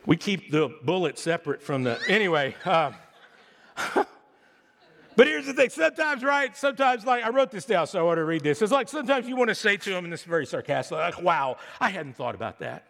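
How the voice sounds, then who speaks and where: A middle-aged pastor with a high voice delivers a sermon to his congregation. He talks in a chatty, joking way and slips into sarcastic impressions. His voice carries a long hall reverb from the church around him. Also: very animated, brisk, vocal fry, fairly bright tone.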